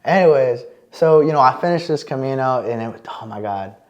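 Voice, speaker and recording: A man chatting as a podcast guest, a lively storyteller with plenty of fillers and restarts. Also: mid-range voice, brisk, dull audio. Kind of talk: casual interview chat.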